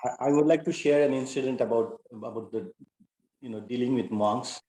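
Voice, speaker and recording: A middle-aged man, sharing a personal story in a halting, earnest way with many fillers. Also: mid-range voice, mellow, reverberant, a little hiss or hum, low-quality recording. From India. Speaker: class participant.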